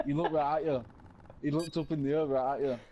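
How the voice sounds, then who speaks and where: Excitable young man gaming. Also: fairly high pitch, quick pace, lo-fi sound. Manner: excitable, swearing, laughing. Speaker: gamer. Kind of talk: casual game chat. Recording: noisy game voice chat.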